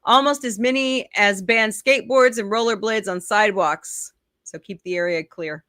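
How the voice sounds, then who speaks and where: A woman host in casual chat, reading odd news items aloud with quick asides and laughs, a little sleepy and yawning. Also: mid-range voice, fairly bright tone, no room sound, clean studio sound.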